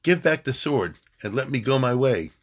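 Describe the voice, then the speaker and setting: A man's voice: medium pitch, lively intonation, lightly acted. A man reading aloud the lines of a stern, dutiful male angel of death from a narrative poem. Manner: slow solemn recitation.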